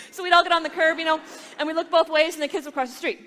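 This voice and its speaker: A religious sister giving a talk, telling stories with animation and acting out the voices of children. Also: female voice, very high-pitched, fast, fairly bright tone, big-room sound. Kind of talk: storytelling talk to a retreat audience.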